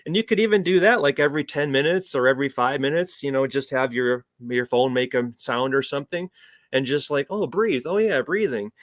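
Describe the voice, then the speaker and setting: A man's voice: medium pitch, fairly quick, dry recording, clean studio sound. A man talking as a spiritual coach in an interview, earnest and reflective, often restarting his sentences. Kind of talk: conversational podcast interview.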